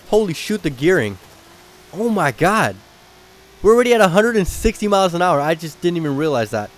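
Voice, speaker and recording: Excitable young man doing game commentary. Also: high-pitched, moderate pace. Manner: excitable, slangy, bursts of shouting at rivals. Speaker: gaming channel host. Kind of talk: casual gameplay commentary.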